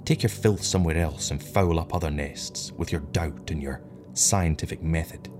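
A man's voice: very deep voice, moderate pace, music in the background. A man voicing an earnest, defiant young crewman who speaks with passion. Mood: impassioned.

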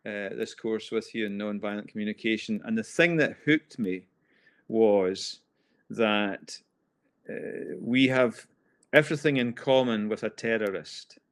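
A man's voice: lowish voice, a little slow. A man hosting a church-related interview podcast, speaking with repeated restarts. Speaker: podcast host, church minister.

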